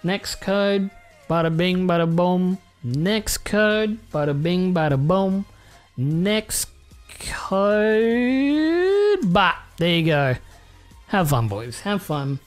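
A young Australian man chatting casually and excitably while opening trading cards, swearing freely and rambling. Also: high voice, slow pace, faint music behind. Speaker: YouTuber. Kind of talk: casual card-unboxing chat.

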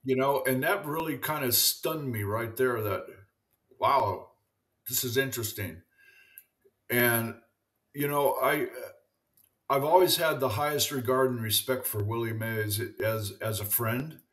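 A man's voice: medium pitch, a little slow, a bit bright. A man in his seventies, a former ballplayer, telling rambling anecdotes in an interview with lots of "you know". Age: 70s. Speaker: former baseball pitcher, guest. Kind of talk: storytelling interview.

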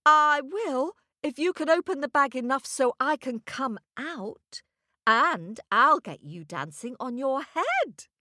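A bold young boy with a raised, bright voice, cheeky and bargaining, as a woman storyteller puts him on. The recording is dry and close. He speaks in an unhurried way. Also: sits high, expressive, no echo, pitched above the performer's own voice, heavily acted.

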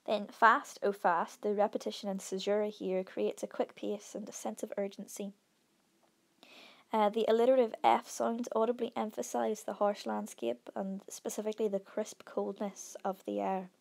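A woman works through a poem as a teacher would, in a measured, explanatory way. Her voice is gravelly and sits in a narrow, fairly flat pitch range. She pauses on fillers and restarts now and then. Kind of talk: analysing a poem on a whiteboard recording.

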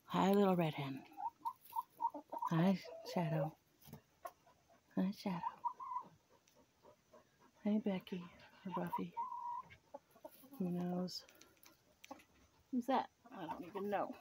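A woman outdoors in her chicken yard, cooing at and gently scolding her birds as she films them on a handheld camera. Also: fairly low pitch, slow, long pauses, noisy background. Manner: coos and scolds her birds softly, often murmuring. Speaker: vlogger tending her chickens. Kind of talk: casual talk to animals.

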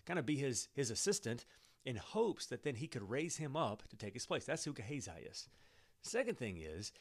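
A man teaching through a Bible passage in an emphatic, animated way, with the odd chuckle. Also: medium pitch.

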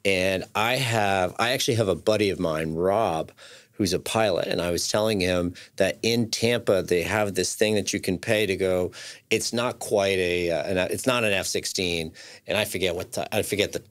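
A man's voice: sits low, moderate pace, a bit bright. A man co-hosting a podcast, chatty and jokey, drifting off on tangents before steering back to business. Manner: chatty, jokey, easily sidetracked. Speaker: podcast co-host. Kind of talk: casual podcast chat.

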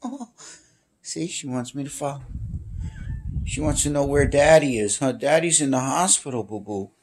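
A man's voice: medium pitch, moderate pace, darkish tone, a little hiss or hum. A man filming his cat at home with a handheld camera. He coos to her in baby talk, then rambles through a story. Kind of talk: casual home video. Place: home with a screened-in porch.

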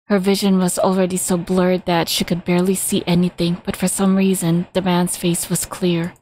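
A woman reading a game's story aloud at a measured pace, now and then stumbling or adding casual asides. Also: on the low side, flat delivery, darkish tone, a little hiss or hum, rough recording. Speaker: reader of game story.

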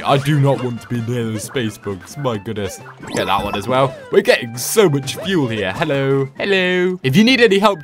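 A young man giving excitable, playful commentary while playing a video game, exclaiming often. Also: medium pitch. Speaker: gaming video creator.

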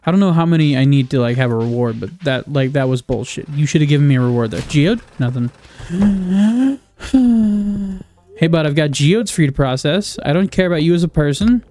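A man's voice: on the high side, quick pace, hardly any pauses, darkish tone. A young man giving casual let's-play commentary, rambling, sarcastic and swearing, often cutting himself off mid-sentence. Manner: rambling, self-interrupting, swears a lot, sarcastic. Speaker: gaming video creator.

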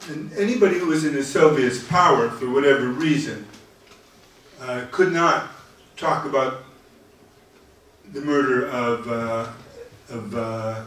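A man delivers a public history lecture in a measured, halting way, pausing often with "uh" between phrases. His voice sits at an ordinary middle pitch. It is picked up from some distance in a very echoey hall with a faint room hum behind it. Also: fairly bright tone.

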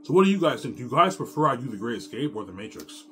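A man chatting casually on his vlog, rambling excitedly and stumbling over repeated words. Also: medium pitch, very fast, a little hiss or hum. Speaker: vlogger. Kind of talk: casual chat. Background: music.

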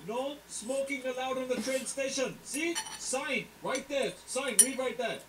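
A man voicing an uptight, stiff young train station guard in an animated cartoon, speaking slowly and over-deliberately. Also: very high voice, recorded from a distance. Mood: insistent. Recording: cartoon audio played from speakers, echoey and noisy.

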